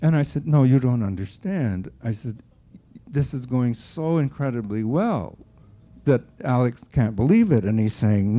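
A man's voice: mid-range voice, normal speed. An older man, an opera director and vocal coach, telling backstage anecdotes and acting out the voices of the people he quotes. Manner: animated storyteller who acts out quoted voices. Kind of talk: storytelling talk with anecdotes. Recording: dull lo-fi recording.

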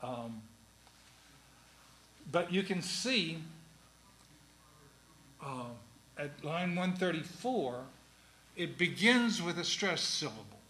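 A man giving a classroom lecture, speaking in a halting, deliberate way with many pauses, ums and restarts. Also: on the high side, animated, pushed and bright, roomy sound, a little hiss or hum, low-quality recording. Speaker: lecturer on Shakespeare's verse.

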